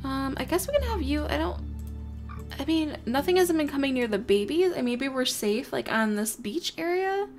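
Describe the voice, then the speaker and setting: Young woman host, high voice with vocal fry, fussing over her game creatures as she plays. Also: animated, moderate pace. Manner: chatty, talks to her game creatures, easily flustered. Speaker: gaming channel host. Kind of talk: casual let's-play commentary. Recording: soft music behind.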